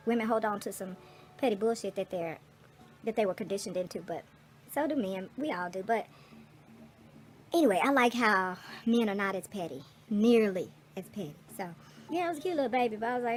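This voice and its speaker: A middle-aged woman vlogging in a casual storytelling way, frank and profane, animated, with asides and laughter. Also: mid-range voice, a little fast.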